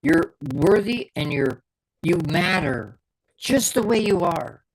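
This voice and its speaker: A man's voice: sits high, animated, slow pace, rough recording. A middle-aged man hosts his own show and delivers an unscripted motivational talk. He speaks with fervent conviction and leans on repeated words and short punchy phrases. A faint hiss of noise sits under his voice. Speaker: podcast host and performance coach.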